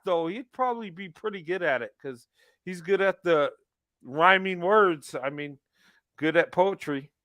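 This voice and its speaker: A man's voice: high-pitched, pushed and bright, dry recording, studio quality. A man speaking encouragingly on a casual live online call, laughing easily. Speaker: participant in an online community call.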